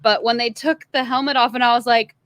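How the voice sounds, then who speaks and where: A woman chats in a playful, teasing way on a podcast and laughs easily. Her voice sits a little higher than most. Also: steady tone, fairly quick, a bit bright, no echo. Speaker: podcast co-host. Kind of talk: casual chat.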